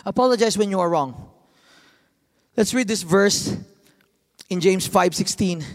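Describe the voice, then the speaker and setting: A man in his thirties preaching a sermon, telling family stories with lively, acted-out quotes. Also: high-pitched, unhurried. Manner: animated storytelling, acts out quotes. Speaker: pastor. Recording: long hall reverb.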